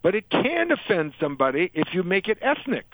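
A man's voice: high voice, a little fast, vocal fry, no room sound, rough recording. An older man, an author, chatting in an interview and telling jokes like a storyteller. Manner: chatty storyteller, animated in punchlines. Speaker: author and guest.

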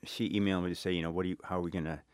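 A middle-aged man from Chicago with a South Side accent, a guest author talking thoughtfully in an interview, often pausing and restarting. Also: low-pitched, flat delivery, a little mellow, clean tone, dry recording. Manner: thoughtful, halting, many restarts. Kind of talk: reflective interview talk.

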